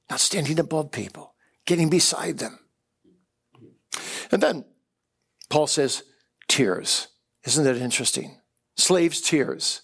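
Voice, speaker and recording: Preaching at a chapel service, a man tells stories in a fairly high, gravelly voice. He's earnest throughout, sometimes repeating words when excitement builds.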